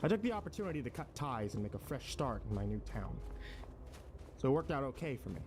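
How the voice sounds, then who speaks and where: A man's voice: medium pitch, very animated, fast talker, a little mellow, faint music behind, close to an everyday voice. A man narrating a first-person horror story as a weary drifter, dry and matter-of-fact. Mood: wry.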